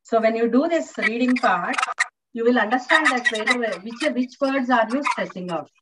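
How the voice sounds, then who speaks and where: A woman's voice: fairly high pitch, normal speed, heavy background noise. A female English lecturer teaching an online class, patient and repetitive, with many fillers. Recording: distant, dull lo-fi online audio.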